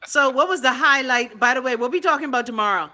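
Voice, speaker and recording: Sassy Bahamian woman, bright voice. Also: sits high, fast. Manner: sassy, bossy teasing. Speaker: radio co-host. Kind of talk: casual chat.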